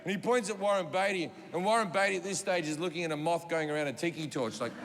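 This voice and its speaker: A man telling a stand-up story, animated and profane, slipping in and out of voices at a live comedy show. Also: fairly high pitch, quick pace, gravelly, in a large hall, very noisy.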